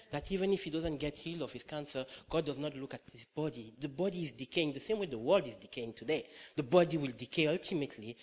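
A middle-aged man preaching a sermon, telling a personal story with lively acted-out dialogue and frequent laughter. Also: medium pitch. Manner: animated storytelling, acts out dialogue, laughs often.

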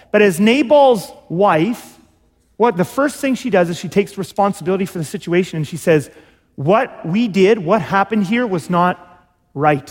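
High-voiced preacher in a reverberant hall. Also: male voice. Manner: conversational, asks listeners questions, acts out quotes. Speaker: pastor. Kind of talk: sermon.

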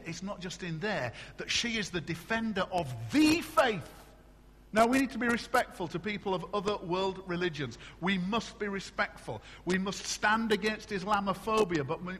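High-voiced animated English preacher. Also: male voice, in a large hall, slight background noise. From England. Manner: animated, conversational preaching with rhetorical questions. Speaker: pastor. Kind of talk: sermon. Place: church.

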